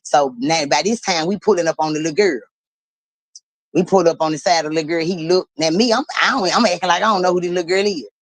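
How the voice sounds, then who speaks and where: A woman hosting a livestream, telling a story in an animated, blunt and profane way and laughing as she talks. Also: fairly low pitch, fast talker, dry recording, poor audio. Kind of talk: casual storytelling.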